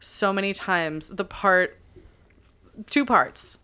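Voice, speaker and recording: Chatty young woman with a smooth voice. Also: mid-range voice, expressive, slow, pushed and bright. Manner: chatty, laughing, swears casually. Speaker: podcast co-host. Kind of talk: casual chat.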